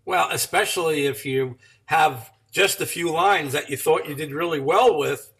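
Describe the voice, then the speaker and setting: Male interview host with a raspy, gravelly voice, loose and rambling in his questions. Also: on the high side, moderate pace, fairly bright tone. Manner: rambling, with lots of "you know". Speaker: podcast host.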